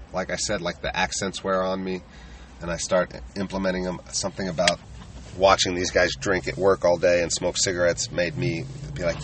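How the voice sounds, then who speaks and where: A man's voice: sits low, fairly bright tone, distant mic, slight background noise. A man, a touring stand-up comedian, rambling casually and self-deprecatingly with lots of fillers.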